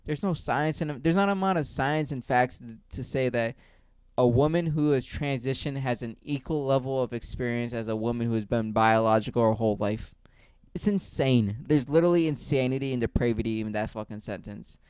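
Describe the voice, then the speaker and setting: A man's voice: mid-range voice, fairly quick, a little mellow, clear, resonant tone, dry recording. A man delivering a heated, blunt opinion rant to camera, full of profanity. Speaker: video creator.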